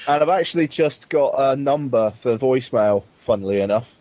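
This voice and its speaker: A man appearing as a guest podcaster, talking in a relaxed, easygoing way. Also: mid-range voice, normal speed, no echo, dull audio. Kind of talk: casual podcast chat.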